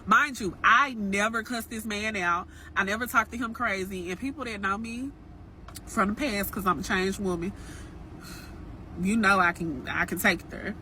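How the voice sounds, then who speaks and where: A woman's voice: medium pitch, normal speed, pushed and bright, slight background noise. A young woman telling a personal dating story to her viewers in a casual, frank, chatty way. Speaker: storytime vlogger.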